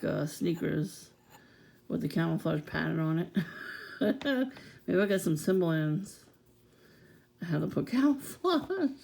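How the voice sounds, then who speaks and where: A woman's voice: fairly low pitch, vocal fry, mellow. A woman vlogging in a casual, blunt rant, swearing freely and laughing often.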